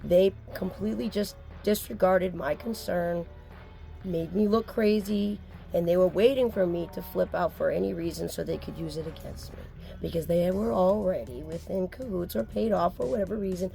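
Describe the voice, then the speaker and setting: A woman's voice: on the low side, moderate pace, creaky, mellow, faint music behind. A woman talking to camera as a mother speaking out, upset, insistent and blunt, with occasional swearing. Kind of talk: emotional personal vlog.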